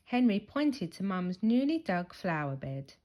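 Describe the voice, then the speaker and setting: Lively woman reading a children's story. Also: medium pitch, unhurried. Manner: expressive, storytelling. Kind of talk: reading a picture book aloud.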